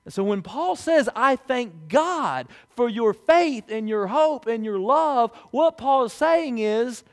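A man pastor delivering a sermon in a conversational way, asking the congregation questions and moving between hushed, quiet asides and emphatic, louder swells. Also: extremely high pitch, lively intonation, takes it slowly. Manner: conversational preaching with rhetorical questions.

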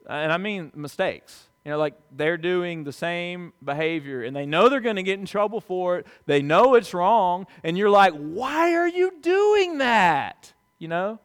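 A man pastor delivering a sermon in a conversational way, asking the congregation questions and moving between hushed, quiet asides and emphatic, louder swells. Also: sits high, normal speed, hardly any pauses, smooth. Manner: conversational preaching with rhetorical questions.

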